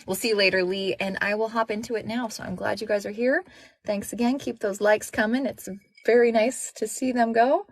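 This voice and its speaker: A woman's voice: fairly high pitch, fairly even intonation, fairly quick. A woman in her thirties, an audiobook narrator, chatting casually with viewers before reading aloud. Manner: chatty, warm-hearted fan enthusiasm.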